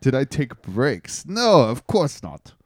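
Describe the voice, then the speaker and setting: A man performing in an improvised comedy scene, playful and animated. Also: mid-range voice, slow pace, no room sound, studio quality.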